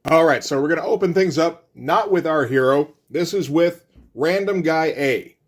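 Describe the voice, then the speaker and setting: A man's voice: a little high, moderate pace. A middle-aged man giving casual commentary as a comic book reviewer, wry and rambling with offhand asides.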